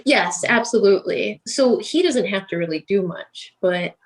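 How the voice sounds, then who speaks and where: A woman guest on a podcast, chatting casually and telling lively stories with frequent laughs. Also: medium pitch, moderate pace, breathy edge. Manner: laughs often, animated storytelling. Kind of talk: casual chat.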